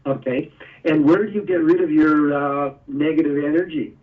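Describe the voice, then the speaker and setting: Guy on a tinny phone call walking you through it step by step, kinda high voice. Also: steady tone, moderate pace, far from the mic. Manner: explains step by step, chuckles often. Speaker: guest, energy tool maker. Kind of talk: casual interview.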